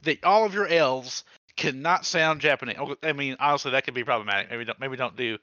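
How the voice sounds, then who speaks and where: A man's voice: medium pitch, fairly quick, bright, forceful tone, no room sound, muffled recording. A man co-hosting a podcast in casual chat, joking and rambling with frequent laughs. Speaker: podcast co-host.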